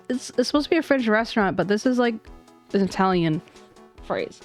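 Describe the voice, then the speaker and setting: A woman's voice: mid-range voice, lively intonation, a little fast, faint music behind. A woman streamer chatting casually while playing a game, rambling and thinking aloud. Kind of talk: casual let's-play commentary.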